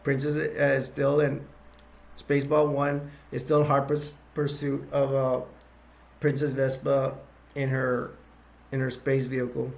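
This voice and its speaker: A man casually retelling movie scenes as a reviewer, halting and rambling with many restarts and chuckling as he goes. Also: medium pitch, completely flat delivery, vocal fry.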